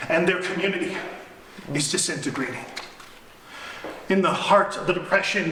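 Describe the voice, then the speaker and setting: A man performing a one-man storytelling show live on stage, acting out the people he quotes and swinging between loud and soft. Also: sits high. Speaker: solo storyteller. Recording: echoey hall, slight room noise.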